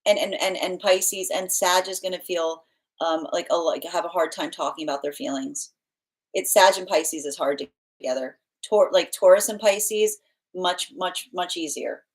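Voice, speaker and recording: Chatty tarot reader, low voice. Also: female voice, normal speed, low-quality recording. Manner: chatty, laughs often, many fillers and restarts. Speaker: tarot reader answering live chat. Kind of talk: casual live-stream chat.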